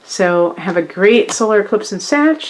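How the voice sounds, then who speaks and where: A woman hosting a casual tarot reading, relaxed and chatty, with frequent fillers. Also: medium pitch, normal speed. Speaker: astrology and tarot reader.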